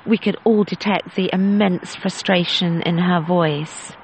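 A woman's voice: fairly low pitch, fairly even intonation, measured pace, darkish tone, a little hiss or hum, low-quality recording. A woman hosting a podcast, reading a listener's story and telling her own anecdotes. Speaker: podcast host.

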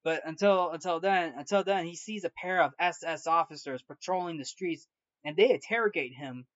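A man's voice: fairly high pitch, moderate pace, a bit bright, dry recording. A man talks through a film's plot in loose, chatty fashion, circling back on his words and leaning on fillers. The sound is dull and a little lo-fi, with a dry, close feel and no room around it. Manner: rambling, with many restarts and repeated "like". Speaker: movie review show host. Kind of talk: casual film recap.

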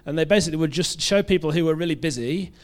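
A man from the UK with a British accent, preaching a sermon in a relaxed, conversational way, joking at his own expense and often restarting his phrases. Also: on the high side, very fast. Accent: British English. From United Kingdom. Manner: conversational, self-deprecating, with frequent restarts.

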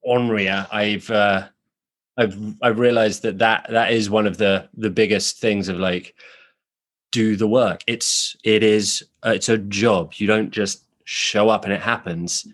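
A British man, an actor, talking through ideas in a relaxed podcast chat, thoughtful and frank, circling back on himself as he goes. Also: fairly low pitch, a little slow. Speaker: actor, guest. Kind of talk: casual podcast conversation. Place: New York.

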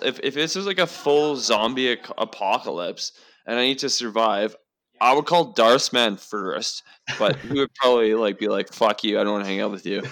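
A man hosting a podcast, rambling quickly and saying "like" a lot in casual banter with friends. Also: medium pitch, a bit bright. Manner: rambling and fast, heavy use of "like". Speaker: podcast host. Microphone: podcast mic.

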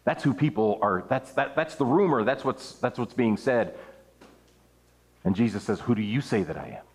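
A man delivers an earnest sermon, his voice sitting at an ordinary middle pitch. He climbs higher to stress a point, then sinks low and quiet as he reads scripture and presses the question home. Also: lively intonation, moderate pace. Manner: earnest preaching, rising and falling for emphasis. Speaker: preacher.

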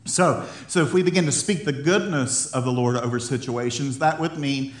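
A male pastor preaching a sermon in an animated way, laughing often and building up to excited emphasis. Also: mid-range voice, moderate pace. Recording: roomy echo of a hall.

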